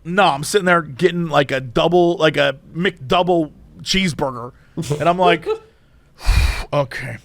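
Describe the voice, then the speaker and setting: A man co-hosting a podcast, telling a story in casual chat and acting out both sides with high and low voices. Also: moderate pace, a bit bright, no echo. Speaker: podcast co-host.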